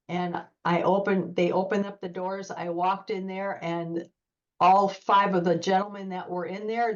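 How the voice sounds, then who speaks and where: A woman's voice: on the low side, highs cut off. A woman guest, a former corrections officer, earnestly telling a personal story in an interview and acting out the dialogue as she goes. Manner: earnest, vivid retelling with quoted dialogue.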